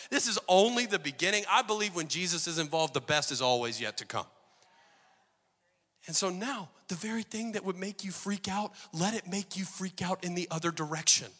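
A man in his forties preaching a sermon as pastor, impassioned and building to near shouts. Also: high-pitched, in a large hall. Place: church auditorium.

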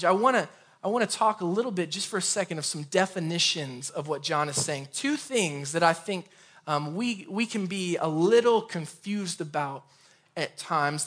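Young male pastor, high voice, conversational and lively sermon delivery. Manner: conversational, energetic preaching with asides. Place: empty room.

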